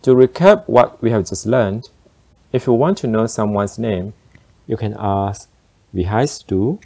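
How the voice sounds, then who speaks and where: A man teaching beginner German phrases, explaining slowly and deliberately. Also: lowish voice, gravelly, darkish tone. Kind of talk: beginner language lesson.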